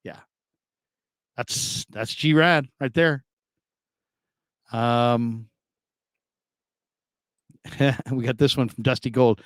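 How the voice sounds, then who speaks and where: Radio host, male, rambling and chatty, mid-pitch voice, dry close mic. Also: drawn-out words, pauses often, clean tone, no room sound. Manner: loose and rambling, repeats himself, laughs often. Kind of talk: casual chat reading listener comments.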